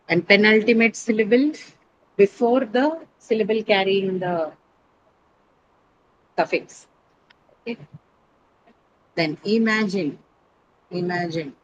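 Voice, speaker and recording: A woman's voice: medium pitch, a little hiss or hum, rough recording. A woman teacher lecturing an online English class, explaining step by step and correcting students patiently.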